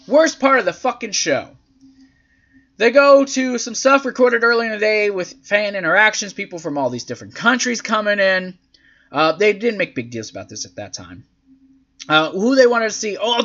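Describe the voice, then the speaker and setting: A high, lively male voice with a bright edge, swearing freely while recapping wrestling matches in a casual, sarcastic tone. He acts out quotes in silly voices, and the recording sounds dull and lo-fi. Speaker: podcast host reviewing wrestling events.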